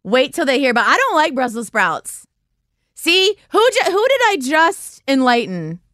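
A bright, high-pitched woman telling funny stories in casual chat. Her voice swings widely as she acts out what others said, and she breaks into laughter a lot. The sound is close and dry. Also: unhurried, no room sound. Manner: animated, laughing often, acting out quotes. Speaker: podcast host. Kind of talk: casual live-stream storytelling.

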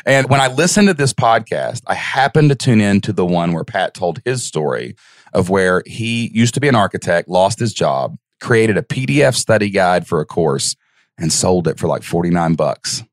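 A man with a fairly low voice tells his story as a podcast guest, with excited, animated delivery that leaps high whenever he acts out a moment. The sound is close and dry, with no room around it. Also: dry recording. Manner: excited, fast storytelling with jumps in pitch.

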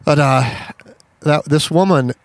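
A man hosting a casual podcast, telling stories in an animated way and acting out the people in them. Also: on the high side, measured pace, dry recording. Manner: animated storyteller, acts out quoted people. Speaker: podcast host. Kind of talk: casual storytelling chat.

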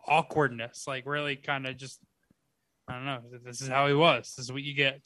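Blunt man with a bright, sharp voice. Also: mid-range voice, flat delivery, normal speed, dry recording. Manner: blunt, profane, hedging with fillers. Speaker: podcast co-host. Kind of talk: casual chat.

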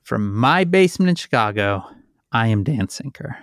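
A man's voice: mid-range voice, sing-song, moderate pace, no room sound, clean studio sound. A man co-hosting a podcast from his home basement, running through the credits in a wry, easygoing way. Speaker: podcast co-host. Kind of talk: casual chat and show credits.

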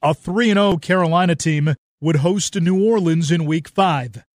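Brief: male documentary narrator, slightly high voice, measured scripted read. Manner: measured, even storytelling delivery.

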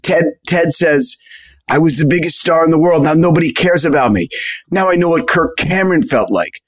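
A man's voice: fairly high pitch, moderate pace. A man co-hosting a casual interview podcast, chatty and enthusiastic. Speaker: podcast co-host.

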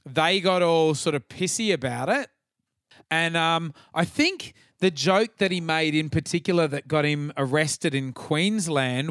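Aussie bloke podcast host, swears a lot, high-ish voice, dry close mic. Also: male voice, smooth, no echo. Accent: Australian. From Australia. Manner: profane, animated storytelling. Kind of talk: casual chat.

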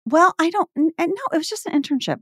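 A woman's voice: extremely high pitch, quick pace, no room sound, studio quality. A woman in her forties from Texas, guesting on a podcast and telling a story in casual chat, acting out the voices she quotes. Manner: animated, acts out quoted voices.

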